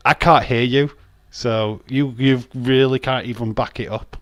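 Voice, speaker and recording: A man's voice: medium pitch, fairly even intonation, a little slow, no echo. A man hosting a live stream, chatting casually, reading out chat messages and teasing viewers with frequent laughs. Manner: jokey, teasing, laughs often.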